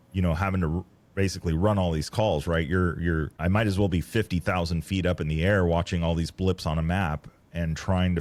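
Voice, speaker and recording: Man, low pitch, podcast host, casual talk, thinks aloud. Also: a little mellow. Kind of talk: casual conversation.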